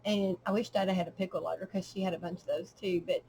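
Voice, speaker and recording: A middle-aged woman showing a handmade journal in casual show-and-tell narration, at an unhurried pace with frequent ums and trailing pauses, at home. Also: on the low side, steady tone, mellow, a little hiss or hum, poor audio.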